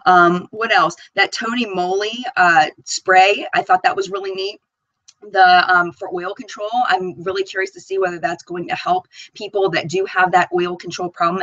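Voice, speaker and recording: A woman's voice: mid-range voice, fairly bright tone, dry recording, muffled recording. Bubbly chatty woman hosting a live stream. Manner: bubbly, chatty, reads viewer comments aloud. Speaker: beauty channel host.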